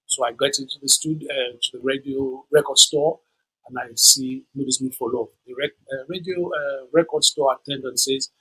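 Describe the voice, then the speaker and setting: A man in his sixties with a strongly husky, grainy voice. He is a guest in an interview, telling stories in an animated way and slipping into the voices of the people he quotes. His pitch sits in an ordinary middle range. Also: normal speed, low-quality recording. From Nigeria. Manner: animated storyteller who acts out the people he quotes. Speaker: guest musician. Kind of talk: storytelling interview.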